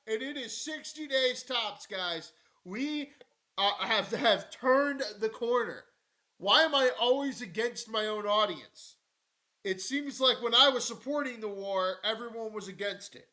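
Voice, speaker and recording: A man hosts a live news stream with a high, lively voice. He mocks and swears his way through rants, then drops to low muttering. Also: unhurried. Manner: swinging between mocking rants and low mutters, heavy swearing. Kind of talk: profane live-stream commentary.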